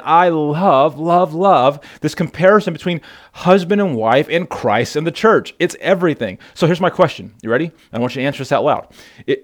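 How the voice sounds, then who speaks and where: A man preaching a sermon in a slightly high voice, pressing his points with repeated words. He keeps asking his listeners direct questions and urges them on. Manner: emphatic, repeats words, asks the congregation questions. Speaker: pastor.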